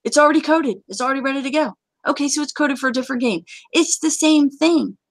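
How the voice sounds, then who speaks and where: A woman's voice: high voice, fast, no room sound. A woman hosting a casual gaming chat, talking in a chatty, joking way with sudden exclamations. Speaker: game community host.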